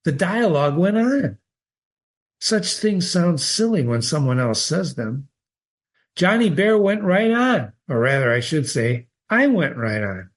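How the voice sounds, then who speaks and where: A man reading a short story aloud as the show's host, expressive and lifting his pitch on key words. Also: a little slow. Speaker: reader.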